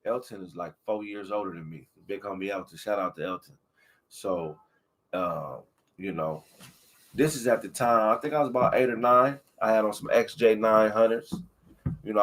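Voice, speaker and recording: A man from Southern California, a guest comedian, tells a childhood story in an animated, profane, casual way. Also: on the low side. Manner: animated, profane storytelling with frequent "you know what I'm saying".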